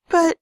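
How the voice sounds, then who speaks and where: A woman's voice: mellow, dry recording, studio quality. A woman with a Southern US accent hosting a casual solo podcast from her home office, chatty and folksy. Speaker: podcast host.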